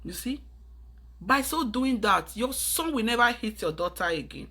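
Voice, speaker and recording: A woman's voice: on the high side, very animated, normal speed, pushed and bright. A Nigerian woman lecturing her viewers in an urgent, preachy tone, slipping into pidgin phrases. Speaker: vlogger giving advice. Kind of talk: earnest advice monologue to camera.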